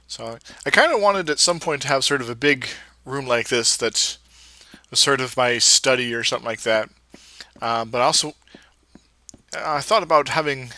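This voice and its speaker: A man's voice: mid-range voice, pushed and bright, no room sound. A man giving casual, rambling commentary over his own gameplay, full of fillers and restarts. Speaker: Let's Play creator.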